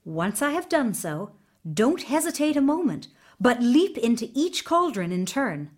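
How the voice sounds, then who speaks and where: A woman voicing a gentle, wise little male horse who speaks slowly and soothingly in a storybook reading. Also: fairly high pitch, very animated, voice pushed up. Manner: soothing, slow and reassuring.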